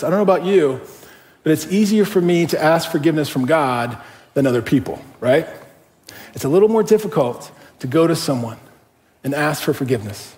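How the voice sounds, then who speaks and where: Animated pastor preaching in a reverberant hall. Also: male voice, fairly high pitch. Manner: conversational, animated, with rhetorical questions. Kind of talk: sermon with storytelling.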